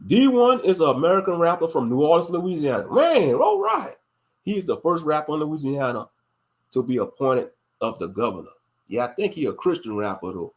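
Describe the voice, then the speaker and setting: A man's voice: on the high side, big pitch swings, fairly quick. A man in his late thirties hosting a casual commentary monologue, thinking aloud and turning preachy. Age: late 30s. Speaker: host.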